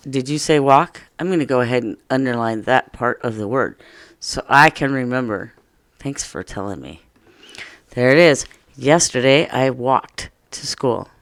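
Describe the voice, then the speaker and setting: Slow, playful woman teaching young children. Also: a bass voice, no echo. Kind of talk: first-grade phonics lesson.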